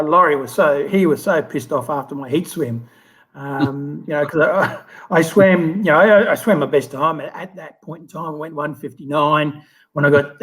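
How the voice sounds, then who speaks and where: A man in his fifties with an Australian accent, telling stories in a relaxed interview with lots of fillers and restarts. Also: fairly high pitch, rough recording. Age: 50s. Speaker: guest, former Olympic swimmer. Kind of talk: casual interview storytelling.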